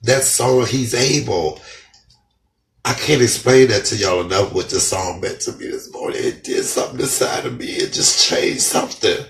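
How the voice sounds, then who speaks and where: A middle-aged man speaking fervently in an emotional testimony vlog, a little hoarse from shouting and crying with joy, talking in his house. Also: lowish voice, normal speed, slight background noise. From United States. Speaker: comedian vlogger. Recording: echoey room, off-mic.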